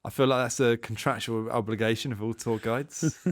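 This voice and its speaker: A man's voice: mid-range voice, steady tone, brisk. A man from England on a comedy news podcast panel, playful and self-mocking. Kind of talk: comedic quiz banter.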